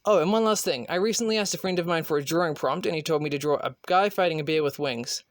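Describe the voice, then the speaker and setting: A man's voice: on the high side, fast talker, no echo. A young man giving a wry, comedic voice-over narration for an animation video. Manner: wry, dry humor. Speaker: animation YouTuber.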